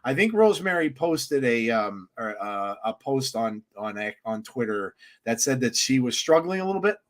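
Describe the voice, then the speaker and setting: A man co-hosting a live wrestling watchalong, giving excitable reaction commentary with many restarts. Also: medium pitch, normal speed.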